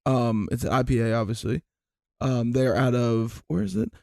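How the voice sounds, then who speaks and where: A man's voice: medium pitch, expressive, normal speed, creaky, a little mellow, dry recording, studio quality. A man co-hosting a casual podcast, presenting a beer in a loose, laid-back way with fillers. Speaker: podcast co-host. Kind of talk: casual chat, beer review.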